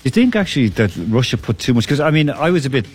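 A man's voice: medium pitch, big pitch swings, faint music behind. A man hosting a casual sports chat, jokey and steering the conversation between guests. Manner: quick, jokey, steers the talk. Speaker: sports show host.

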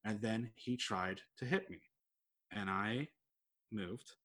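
A man's voice: lowish voice, slow, a bit bright. A young man, chatting casually and telling a long story, rambling with lots of "like" and swearing freely. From United States. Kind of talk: casual chat.

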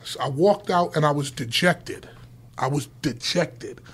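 A man's voice: on the high side, measured pace, slight background noise. A man who worked in radio tells a story in casual chat, swearing freely and acting out the people in it. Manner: lively, profane, acts out voices while telling the story. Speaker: former radio DJ telling a story.

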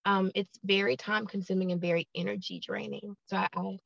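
An American woman in her thirties, originally from Alabama, answering interview questions earnestly with many "um"s and repeated words. Her voice has a strong vocal fry, and the recording sounds dry and a little dull. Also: medium pitch, little pitch movement, fairly quick, fairly bright tone, no room sound. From Alabama, United States. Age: 30s. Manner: earnest, repeats herself, frequent "um". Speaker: podcast guest, YouTuber. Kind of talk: casual interview chat.

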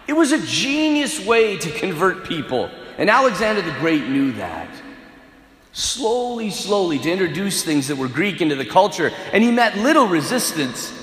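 Lively high-voiced preacher in an echoey hall. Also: male voice, moderate pace. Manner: emphatic, repeats words for build-up. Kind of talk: sermon. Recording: echoey hall with long reverb.

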